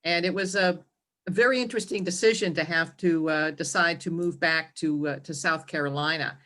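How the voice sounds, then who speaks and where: A woman's voice: lowish voice, fairly even intonation, brisk, a bit bright. A woman in her sixties from California, co-hosting a casual chat in an effusive, chatty way. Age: 60s. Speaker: co-host.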